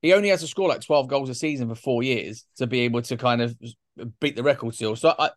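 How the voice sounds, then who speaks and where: A man's voice: mid-range voice, fast talker, no echo, clean studio sound. A man hosting a podcast, chatting and joking about football. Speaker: podcast host. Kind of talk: casual football chat.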